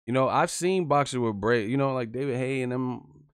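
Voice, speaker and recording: A man hosting a live stream, giving casual, profane fight commentary, animated and quick to laugh. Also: medium pitch, smooth, no echo, clean studio sound. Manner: animated, profane, laughing, breaks into yelled impressions.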